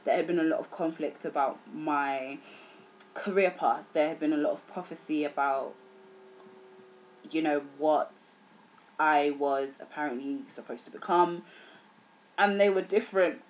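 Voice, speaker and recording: A woman's voice: deep voice, steady tone, unhurried, long pauses, a little hiss or hum, low-quality recording. A young woman chatting earnestly to camera as a vlogger, serious in tone, with plenty of filler words. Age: young adult. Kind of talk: casual chat to camera.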